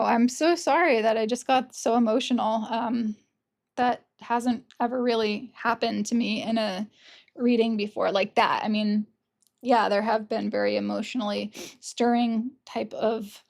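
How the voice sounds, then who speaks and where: A woman gives a casual, gentle pick-a-card tarot reading in a slightly high, gravelly voice. She gushes over the cards, openly emotional and tearful at times.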